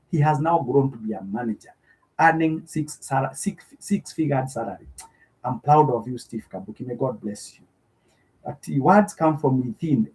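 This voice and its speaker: A middle-aged Kenyan man with a slightly high, warm voice hosts a live stream, effusively thanking viewers by name and offering preacher-like blessings.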